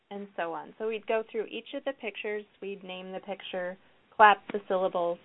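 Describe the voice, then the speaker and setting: A woman's voice: medium pitch, steady tone, normal speed. A woman presenting a reading program for teachers, explaining classroom activities and modeling them aloud. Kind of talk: recorded lecture with slides. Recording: tinny phone-like lo-fi audio.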